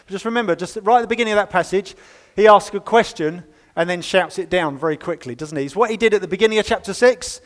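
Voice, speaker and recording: A man preaching a sermon in a church, reading scripture and explaining it in a wry, conversational way, with sudden loud stresses and quiet asides. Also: sits high, fast talker, hardly any pauses. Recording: long reverb of a church hall.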